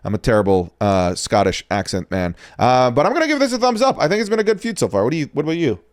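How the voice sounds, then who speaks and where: A young man co-hosting a podcast in casual chat, relaxed and rambling with lots of fillers and restarts. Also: medium pitch, fast. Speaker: podcast co-host.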